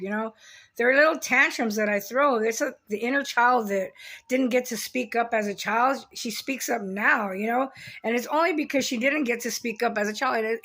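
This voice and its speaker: Blunt, foul-mouthed woman with a bright voice. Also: fairly high pitch. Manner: blunt, heavy swearing, rambling with restarts. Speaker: vlogger. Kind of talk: casual confessional monologue.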